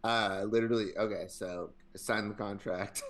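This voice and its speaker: A man's voice: on the low side, fairly even intonation, moderate pace. A man co-hosting a podcast in casual chat, laid-back and wry, teasing the other host.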